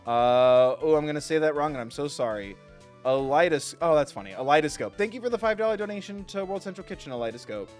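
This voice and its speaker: A man streaming a game live, joking and reading lines aloud in an animated way. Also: fairly high pitch, fast talker, faint music behind. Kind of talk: live gameplay commentary.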